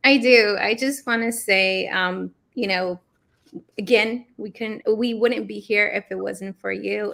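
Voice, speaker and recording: A woman's voice: mid-range voice, gravelly, fairly bright tone. A woman in her forties speaking as a co-author on a video call, effusive, grateful and emotional. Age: 40s. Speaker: co-author and guest. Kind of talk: casual livestream chat.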